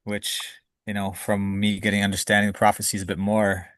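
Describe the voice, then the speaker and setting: A man's voice: fairly low pitch, monotone, a little fast, a bit bright, no room sound. A man, a podcast guest, candidly telling a personal story with emotion and casual swearing.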